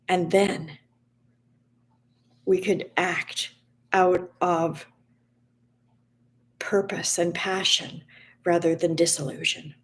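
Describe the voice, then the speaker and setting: A woman giving a reflective motivational talk, reading a story aloud and then drawing a lesson from it, speaking slowly with frequent restarts. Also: on the low side. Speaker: wellness speaker.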